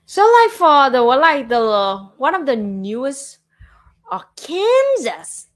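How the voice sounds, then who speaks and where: A woman's voice: sits high, big pitch swings, measured pace. A woman from Vietnam with a Vietnamese accent, talking casually on a livestream and filling her speech with "like" and "you know". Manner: chatty, frequent fillers like "like" and "you know". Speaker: streamer.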